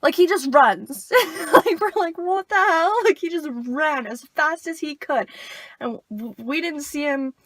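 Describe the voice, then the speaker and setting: A young woman tells a story to her camera in a loose, chatty way, with plenty of "like" and laughter. Her voice sits a bit high. The sound is close and dry, with no room around it. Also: animated, measured pace, a bit bright, no echo. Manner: chatty, lots of "like", laughs while telling. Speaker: vlogger. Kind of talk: casual storytime vlog.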